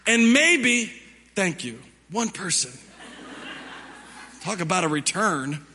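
A man's voice: sits high, very animated, takes it slowly, bright, forceful tone, big-room sound, a little hiss or hum. A male pastor preaching a sermon in a conversational style, with lots of rhetorical questions, in a church sanctuary.

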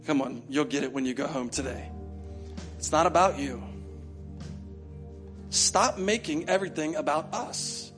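A male pastor preaching a sermon with passion, acting out prayers in quick repeated bursts. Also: a little high, fairly bright tone, faint music behind.

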